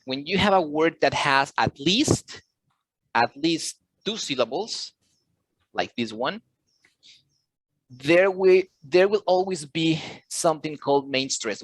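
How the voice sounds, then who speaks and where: A man running an English class, speaking patiently and repeating his points as he quizzes his students. His voice sits a bit high for a man, and the sound is close and dry with no room to it. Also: lively intonation, unhurried, no room sound. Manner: switches into Spanish to explain. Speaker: English teacher. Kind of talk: online class lesson.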